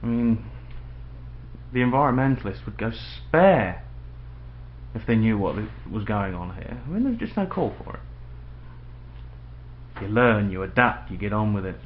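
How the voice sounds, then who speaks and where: A man grumbles and rants with dry sarcasm in an unhurried drawl, talking straight to camera in a casual vlog. His voice sits at an ordinary middle pitch. The home recording is dull and lo-fi, with a faint hiss underneath. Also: very animated. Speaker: vlogger.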